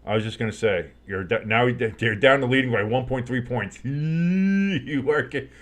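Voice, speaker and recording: A man's voice: fairly low pitch, fairly quick. A man giving casual, joking play-by-play commentary of a live game as a streamer, rising with the big plays and chatting to his viewers. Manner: excitable, joking, talks to chat.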